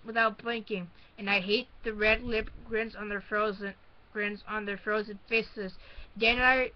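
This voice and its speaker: A woman reading a spooky children's book aloud in first person, halting and restarting often. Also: on the high side, lo-fi sound. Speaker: storybook reader.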